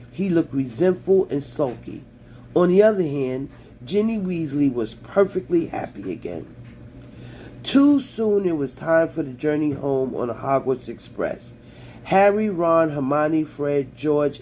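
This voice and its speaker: A man reading a children's fantasy novel aloud in a measured storytelling manner. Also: fairly high pitch, darkish tone, slight background noise, low-quality recording. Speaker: audiobook reader.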